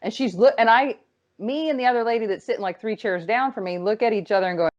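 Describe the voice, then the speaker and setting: A woman chatting casually on a podcast, telling a lively story with acted-out quotes and frequent swearing. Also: a little high, quick pace, muffled recording. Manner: animated storyteller, acts out quotes, swears freely. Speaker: guest.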